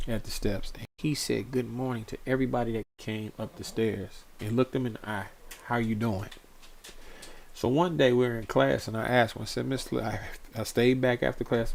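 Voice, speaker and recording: A man's voice: medium pitch, creaky, darkish tone, slight background noise. A man telling a reflective story on a talk show. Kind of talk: casual talk show chat.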